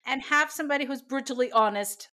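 A woman's voice: high voice, fast talker, bright, forceful tone. A woman hosting a podcast interview, encouraging and affirming her guests. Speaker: podcast host. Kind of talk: casual interview.

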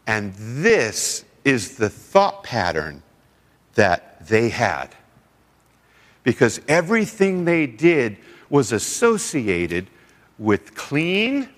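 Animated male preacher in a reverberant hall. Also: mid-range voice. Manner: animated storytelling with acted-out quotes. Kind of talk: sermon.

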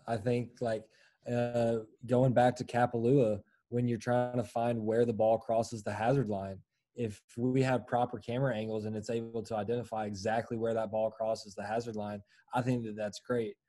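Dry-humored male co-host, mellow voice, plain middle pitch. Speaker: golf podcast co-host. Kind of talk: casual chat.

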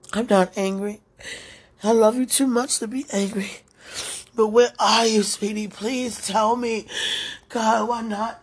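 A woman speaking an emotional prayer out loud, pleading and tender, repeating her phrases. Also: a little high, breathy edge.

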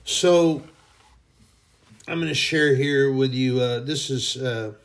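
A man's voice: mid-range voice, takes it slowly. A man preaching an informal sermon in a folksy, emphatic way, now and then mocking people in a put-on voice.

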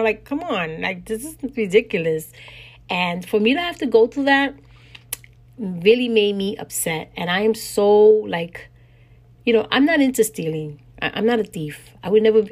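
Animated woman telling a podcast story. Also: medium pitch. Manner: animated, indignant, laughs often. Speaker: podcast host. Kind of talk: casual storytelling monologue.

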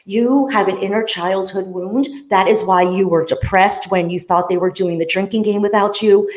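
A woman's voice: medium pitch, steady tone, moderate pace. Woman in her 50s hosting her own show, earnest and rambly, lots of side notes, roomy echo. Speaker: show host. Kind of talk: casual monologue.

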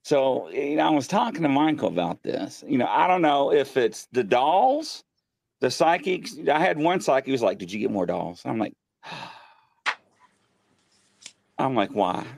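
A man hosting a live paranormal show from his home studio, telling ghost stories excitedly and acting out what people said. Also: medium pitch, unhurried, vocal fry, long pauses. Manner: excitable storyteller, acts out quotes. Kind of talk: casual live-stream chat. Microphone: desk mic.

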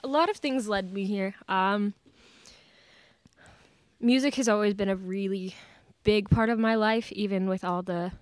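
A woman's voice: medium pitch, measured pace, no echo. A woman in her late teens, a podcast guest, chatting casually with lots of fillers and laughs. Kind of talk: casual chat. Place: church studio.

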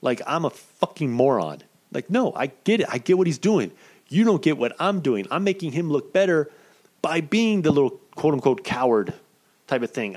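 Telling a story in a relaxed, profane way, a man in his thirties who works as a wrestling cameraman swings rapidly between high and low pitch. His delivery is lively and full of swearing.

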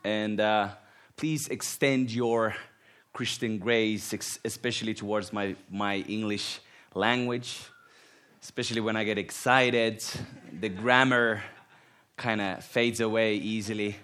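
A man's voice: on the low side, slow pace, smooth. A man from Finland with a Finnish accent, a guest preacher telling personal stories and laughing often. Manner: laughs often, animated and self-deprecating.

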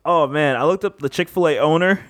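A man's voice: a little high, a little fast, background noise. A young man hosting a casual podcast, laid-back, laughing often and stumbling when he reads aloud. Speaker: podcast host.

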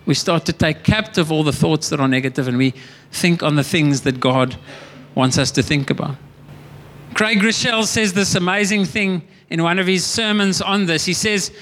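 A man's voice: high voice, fairly bright tone. A man preaching a sermon as pastor, earnest and emphatic, often repeating and restarting words.

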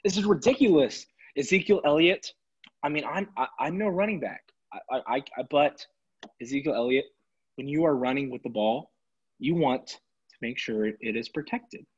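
Sarcastic ranting man, slightly husky. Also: mid-range voice, normal speed. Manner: exasperated, sarcastic, animated ranting. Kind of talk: casual sports rant. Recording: dull lo-fi recording.

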